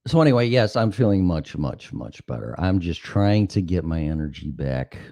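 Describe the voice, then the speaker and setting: A man's voice: low voice, moderate pace, no room sound. A middle-aged man hosting a talk show, telling stories casually, with profanity and acted-out dialogue. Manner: animated, profane, acts out dialogue. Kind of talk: casual chat, anecdotal storytelling.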